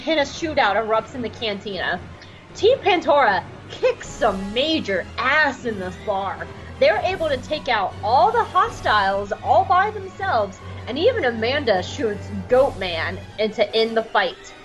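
A woman's voice: on the high side, lively intonation, moderate pace, soft background music, low-quality recording. A woman co-hosting a podcast, recapping an episode in a casual, gushing way full of "like". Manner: bubbly, gushing, filler-heavy. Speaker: podcast co-host.

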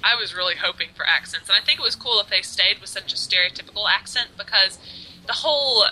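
A woman co-hosts a casual chat, eagerly cutting in with quick interjections. Her tone is very bright and crisp, pitched in an ordinary middle range. The delivery stays informal and lively. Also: a little hiss or hum, poor audio.

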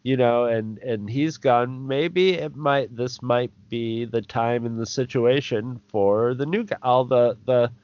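A man's voice: mid-range voice, a little mellow. A man co-hosting a podcast, chatting casually and stopping and restarting his sentences. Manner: halting, restarts a lot. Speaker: podcast co-host. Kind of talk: casual chat. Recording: dry, dull lo-fi audio.

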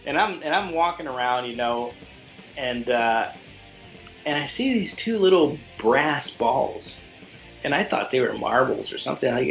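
Man, podcast co-host, rambling crude stories, mid-pitched voice, faint music behind. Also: brisk, creaky. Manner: rambling, crude, animated storyteller with many restarts. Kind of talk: casual chat, storytelling.

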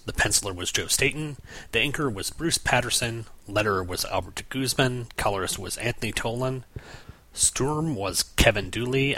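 Brief: male comic podcast host, bright and lowish, dry humor. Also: breathy edge, dry recording, poor audio. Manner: wry, joking asides. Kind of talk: comic book review podcast.

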